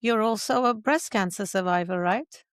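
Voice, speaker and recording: A woman's voice: mid-range voice, moderate pace, clear, resonant tone, no echo, clean studio sound. A woman hosting a podcast, affirming her guest as she asks questions. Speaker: podcast host. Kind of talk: interview questions.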